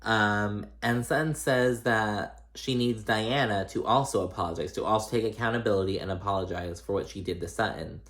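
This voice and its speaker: A man recapping a reality show in casual, chatty talk, animated and swearing freely. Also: on the low side, moderate pace, hardly any pauses. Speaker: recap vlogger.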